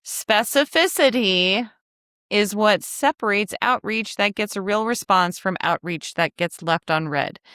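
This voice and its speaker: A woman's voice: medium pitch, a bit bright, no echo, studio quality. A woman hosting a casual teaching podcast for travel advisors, talking in a chatty, frank way with joking asides. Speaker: podcast host, travel agency coach.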